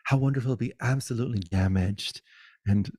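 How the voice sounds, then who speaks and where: A middle-aged man giving a guided spiritual talk over a video call, swinging between loud exclamations and soft, hushed musing, swearing playfully. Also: fairly low pitch, fairly quick, no room sound, studio quality. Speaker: spiritual teacher.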